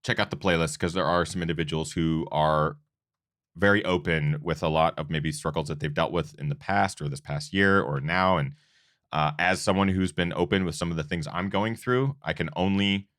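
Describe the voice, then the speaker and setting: Show host, very low voice, earnest and rambling, casual delivery. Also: male voice, moderate pace, a bit bright, dry recording, clean studio sound. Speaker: host of a running channel. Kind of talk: casual awards show chat.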